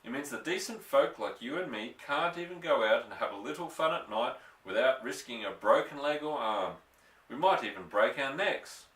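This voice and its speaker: A man reading a storybook aloud, voicing an excitable, indignant little elderly country doctor. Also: normal speed, recorded from a distance, lightly acted. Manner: indignant, excitable, raised higher voice. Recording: echoey room, voice off-mic.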